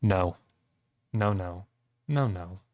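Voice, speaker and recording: A man's voice: deep voice, extremely slow, a little mellow. A man streaming a video game, joking in casual commentary and reading the dialogue aloud in silly voices.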